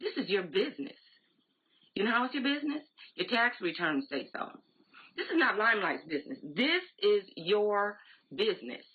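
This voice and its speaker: A woman's voice: mid-range voice, very animated, moderate pace, slightly rough. A woman in her forties giving an emphatic, repetitive motivational talk to her sales team on a live stream. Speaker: direct sales team leader. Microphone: phone or laptop live stream. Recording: tinny phone-like audio.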